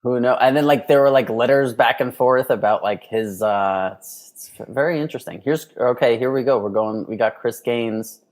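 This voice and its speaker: Male podcast co-host, rambling jokey storyteller, mid pitch. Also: moderate pace, hardly any pauses, a little mellow. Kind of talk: casual chat. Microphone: remote call mic.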